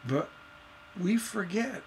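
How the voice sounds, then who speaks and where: A man teaching songwriting in a casual, animated way, acting out scenes as he talks. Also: high voice, takes it slowly, a little hiss or hum. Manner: animated storytelling, acts out voices. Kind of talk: casual instructional talk.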